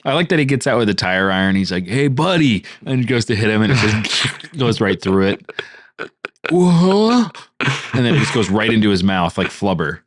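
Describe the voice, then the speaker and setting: A man's voice: lowish voice, fast, fairly bright tone, no echo, studio quality. A man co-hosting a podcast, improvising a story in casual chat, laughing and acting out characters' lines. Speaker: podcast co-host.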